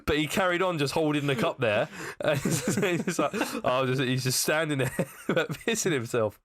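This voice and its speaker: A man's voice: fairly high pitch, moderate pace, fairly bright tone. A man telling a crude story in a casual podcast chat. He rambles with many fillers and laughs mid-story. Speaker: podcast co-host.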